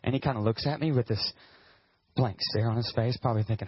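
A man pastor telling a personal story in a sermon, animated and acting out what people said. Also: mid-range voice, quick pace, breathy edge, no room sound, muffled recording. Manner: animated, acts out quotes, whoops with excitement.

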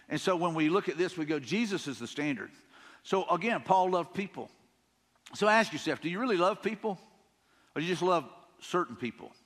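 A man's voice: a little high, fairly bright tone, big-room sound. A man with a Southern US accent preaching a sermon as pastor, talking in a conversational, folksy way and often repeating himself. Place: church sanctuary.

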